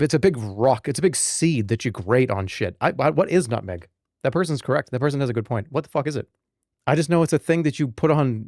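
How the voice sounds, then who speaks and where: A man, chatting casually on a live stream, rambling and joking, now and then breaking into loud animated rants. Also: mid-range voice, no room sound, clean studio sound.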